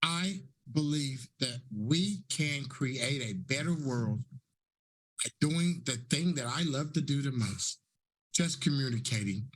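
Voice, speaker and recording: A raspy man in his fifties speaks on a panel in a fairly high voice. He is effusive and preachy and repeats his phrases for emphasis. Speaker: panelist and talk show host. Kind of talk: casual panel talk.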